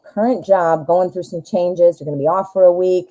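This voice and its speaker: A woman's voice: on the low side, steady tone, moderate pace, mellow, rough recording. A woman in her forties hosting a live tarot reading stream, chatting casually with fillers and self-corrections as she thinks aloud.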